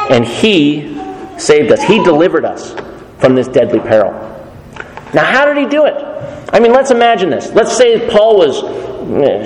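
A man delivers a sermon in a slightly high voice, moving between earnest explanation and emphatic exclamation. The sound is roomy, with long reverb from a large hall. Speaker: preacher. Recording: echoey hall with room ambience.

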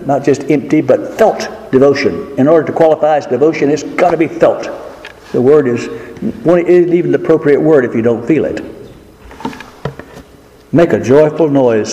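A man preaching a sermon in an earnest, emphatic way, leaning slowly on key words. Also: medium pitch, mellow. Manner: earnest, emphatic, with slow drawn-out stresses. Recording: echoey hall with faint noise.

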